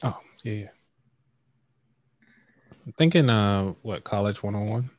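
A man's voice: on the low side, unhurried, dry recording. A man hosting a live online money show, chatting casually with fillers and reading a book passage aloud. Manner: relaxed, loose, with fillers and throat clearing.

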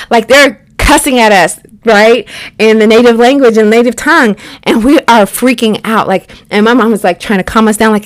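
A woman from the United States telling a personal story in a chatty, animated way, speaking straight to her listeners and acting out the people in it. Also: fairly high pitch, normal speed, no echo.

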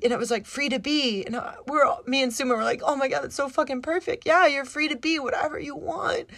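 A woman's voice: high voice, a bit bright, no room sound. A woman hosting a solo podcast, talking in an impassioned, rambling way, swearing constantly and at times close to tears. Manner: emotional, near tears at times. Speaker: podcast host. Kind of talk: casual solo podcast monologue.

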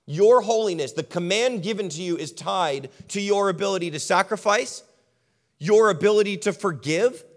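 A man preaching a sermon as pastor, building repeated lists and dropping his voice low and quiet for emphasis. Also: in a large hall.

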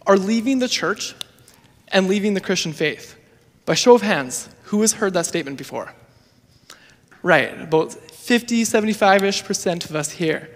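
Energetic young youth pastor, high voice. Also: male voice, normal speed. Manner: energetic, upbeat, earnest. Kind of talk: sermon. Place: church sanctuary. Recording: reverberant church hall.

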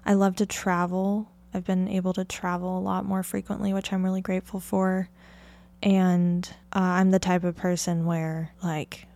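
A woman's voice: on the low side, darkish tone. Chatty young woman from Oregon rambling. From Oregon, United States. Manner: chatty and rambling, heavy use of "like", light laughter. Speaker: podcast host. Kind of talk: casual solo podcast chat.

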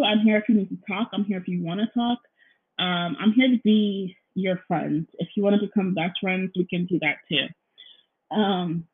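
A young woman talks through her solo podcast from her apartment, rambling and apologizing, with a nervous edge. Her words are full of ums and "you guys." The sound is thin and tinny, recorded straight into a laptop. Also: lowish voice. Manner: nervous, feels out of breath. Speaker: podcast host. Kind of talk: casual solo podcast chat. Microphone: laptop recording, headphones in.

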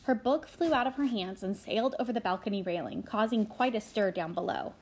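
A woman narrates a children's fantasy novel aloud, reading expressively. Her voice sits at an ordinary middle pitch for a woman. She occasionally slips on a word and starts it over. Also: a little fast, breathy edge, rough recording. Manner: expressive, with small slips and restarts. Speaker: audiobook narrator.

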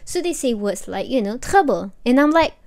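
A woman's voice: a little high, lively intonation, a little fast, darkish tone. A young woman co-hosting a podcast in casual chat, chatty and rambling with lots of "like" and "you know". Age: young adult. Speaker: podcast co-host.

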